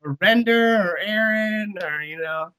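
A man's voice: high voice, a little slow, a bit bright, clear, resonant tone. A man guesting on a podcast as a band manager, talking casually in a rambling, emphatic way, swearing constantly.

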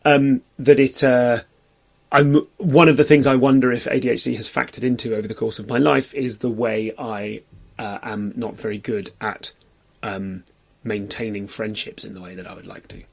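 A man's voice: mid-range voice, little pitch movement, normal speed, gravelly. A man in his forties, a comedian on a podcast, chatting casually in a rambling, self-deprecating way and briefly acting out the voices of people he quotes.

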